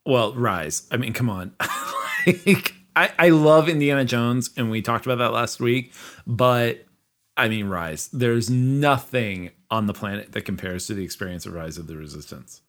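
A man's voice: mid-range voice, expressive, normal speed, a bit bright. A man co-hosting a casual podcast chat, emphatic and enthusiastic, getting choked up as he talks. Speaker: podcast co-host.

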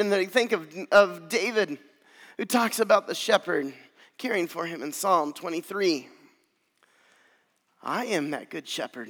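A man preaching a sermon as pastor, earnest and swelling louder on key phrases. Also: high-pitched, long reverb tail.

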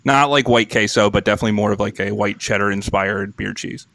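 A man's voice: lowish voice, fairly quick, creaky, a bit bright, no room sound. A man co-hosting a casual podcast, talking in a rambling, laid-back, self-deprecating way. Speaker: podcast co-host.

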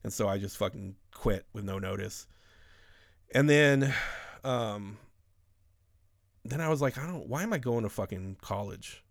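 A man's voice: lowish voice, animated, a little slow, vocal fry, long pauses, no room sound, studio quality. A man in his thirties telling rambling, profane stories in a casual podcast chat.

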